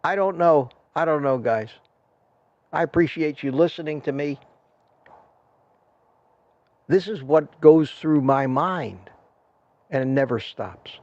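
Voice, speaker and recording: A man's voice: on the high side, takes it slowly, long pauses, darkish tone, no room sound. Rambling older man ranting on a live stream. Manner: ranting, self-deprecating, thanks viewers by name. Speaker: livestream host. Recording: dull lo-fi stream audio.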